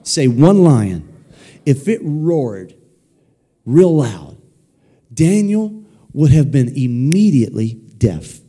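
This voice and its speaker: A man preaching in a church sanctuary, animated and playful, often calling on the congregation to repeat his words. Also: mid-range voice, slow, pauses often. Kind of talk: energetic sermon with call-and-response.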